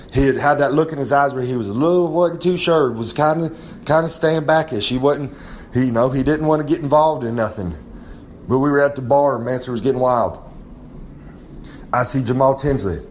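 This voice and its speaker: A man's voice: mid-range voice, moderate pace, long pauses, a little hiss or hum. A man giving a boastful, rambling wrestling monologue. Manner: swaggering, rambling, drawling brag. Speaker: wrestler giving a comic segment.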